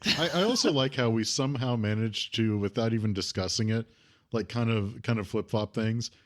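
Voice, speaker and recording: A man's voice: fairly low pitch, moderate pace. Wry, teasing male podcast co-host. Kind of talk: casual chat.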